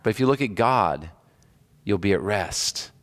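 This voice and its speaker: A man preaching a sermon in a conversational, expressive way, acting out quotes as he goes. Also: lowish voice, unhurried. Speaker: pastor. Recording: echoey hall reverb.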